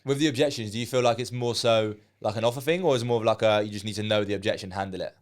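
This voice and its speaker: Fast-talking, blunt, swearing male interviewer. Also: fairly low pitch, fairly even intonation. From England. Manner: blunt, swears often, leading questions. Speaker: interviewer, sales coach. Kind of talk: casual interview.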